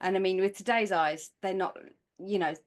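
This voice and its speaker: Northern English woman, podcast co-host, mid pitch, blunt and chatty. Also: fairly even intonation, moderate pace. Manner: chatty, blunt, swears casually. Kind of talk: casual chat.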